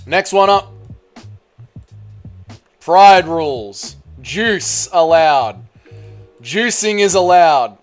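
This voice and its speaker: A man hosts a live stream in a high, light voice, joking with his chat as he tallies votes. He gets loud and excitable as the counts climb. Faint music plays quietly underneath. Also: very slow, long pauses. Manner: excitable, calls out vote counts, banters with chat.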